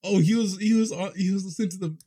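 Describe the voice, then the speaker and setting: A man's voice: high-pitched, quick pace, mellow. A man co-hosting a podcast in casual chat, laid-back, swearing and laughing often. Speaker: podcast co-host.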